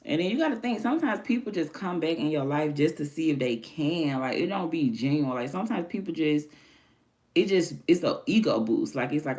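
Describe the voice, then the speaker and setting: A woman's voice: deep voice, animated, a little fast, a little mellow. A woman hosting her own stream, chatting candidly and animatedly in casual slang. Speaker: livestream host. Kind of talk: casual chat.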